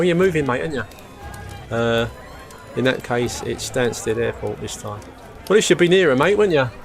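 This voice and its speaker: Man, live stream host, casual chat, rambling, chummy, forgetful, mid-pitched voice. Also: fairly bright tone. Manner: rambling and chatty, calls viewers mate; forgetful, loses his thread.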